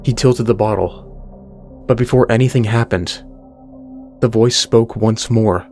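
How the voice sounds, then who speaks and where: A man reading a horror story aloud as the channel's narrator, in a slow, deliberate delivery. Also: fairly low pitch, darkish tone. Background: faint music.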